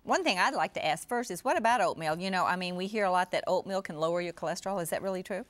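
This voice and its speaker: A woman from New Orleans hosting a studio health show, friendly and quick to laugh as she leads the chat. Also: on the low side. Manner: friendly, laughs easily, interviewing. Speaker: TV show host.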